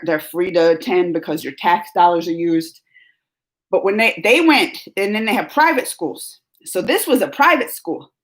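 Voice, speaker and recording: A middle-aged woman telling a long, fired-up story on a live stream, rambling and emphatic. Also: medium pitch.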